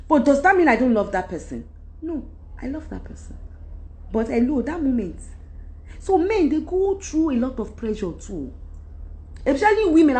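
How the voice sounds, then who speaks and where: A middle-aged Nigerian-accented woman hosts a live stream, ranting unscripted into her phone. She's preachy and animated, with loud outbursts, and her voice sits high.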